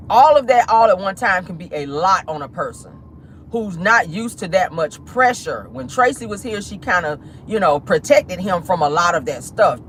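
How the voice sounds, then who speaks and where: Animated woman gossip host. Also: mid-range voice, a little hiss or hum. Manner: animated, indignant, talks straight to viewers. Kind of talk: casual gossip commentary.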